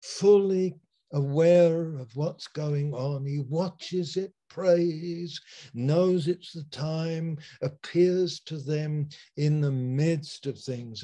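Male preacher, sermon over video call, unhurried and emphatic, builds from hushed to loud. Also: on the high side. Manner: slow, emphatic preaching with dramatic pauses and swings in loudness.

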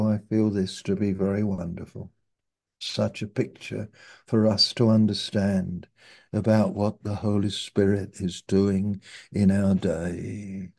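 A man preaching a sermon, reflecting at an unhurried pace and reading scripture aloud. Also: on the low side, vocal fry, warm tone.

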